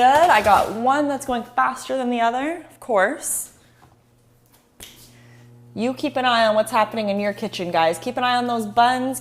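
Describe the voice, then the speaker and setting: A woman hosting a live-streamed cooking demo in a home kitchen, chatty and excitable, talking straight to her viewers. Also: fairly high pitch. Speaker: cooking show host.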